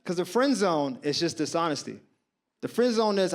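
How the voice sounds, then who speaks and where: Speaking at a normal speed in a somewhat high voice, this stand-up comic in his thirties chats straight to the audience. His storytelling is animated, and he performs the voices of the characters he describes.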